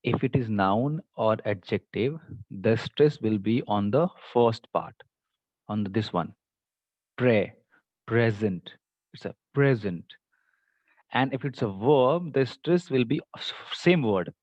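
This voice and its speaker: A man's voice: medium pitch, animated, unhurried, darkish tone, no echo, muffled recording. A man teaching an online English class, explaining patiently with many fillers. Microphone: computer mic on video call.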